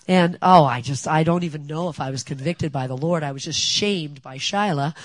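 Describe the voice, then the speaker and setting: An older woman speaking at a women's gathering, giving a personal testimony as an animated storyteller with lively asides. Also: deep voice, brisk, few pauses.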